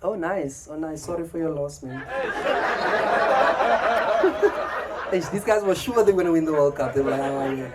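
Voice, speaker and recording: On a comedy club stage, a South African man performs stand-up, bantering with the crowd and doing character voices in his stories as the audience laughs. His voice sits high with lively intonation, and he's unhurried, taking long pauses amid heavy background noise.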